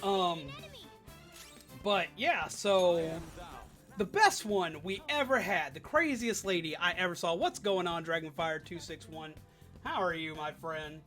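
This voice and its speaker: A young adult livestream host telling a work story in an animated, sarcastic rant while chatting with viewers. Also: medium pitch, a little slow, soft background music. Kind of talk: live stream storytelling rant.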